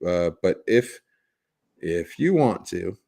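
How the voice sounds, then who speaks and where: A man hosts a casual livestream, joking and rambling with plenty of restarts. His voice sits low and gravelly, yet it rises and falls with lively swings. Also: slow pace. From Germany. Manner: jokey, laughing, rambling with restarts. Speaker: livestream host.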